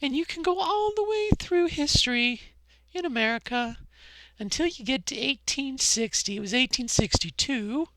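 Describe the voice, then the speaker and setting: A middle-aged woman vlogging a personal monologue, impassioned and conversational, often checking in with a quick "okay?". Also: high voice, expressive, a bit bright, dry recording.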